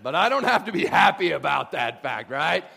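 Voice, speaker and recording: A pastor doing a grumbling, grudging God. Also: male voice, medium pitch, big pitch swings, a little slow, creaky, fairly bright tone, voice pushed down, full character voice. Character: grudging, put-upon God grumbling about duty.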